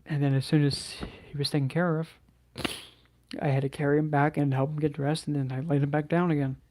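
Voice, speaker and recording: A soft-spoken man recounts a personal story to camera, his voice mellow and dark. He speaks haltingly, restarting phrases and sighing often, and his pitch stays flat and level. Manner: halting, hesitant, with many restarts and sighs. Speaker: channel host.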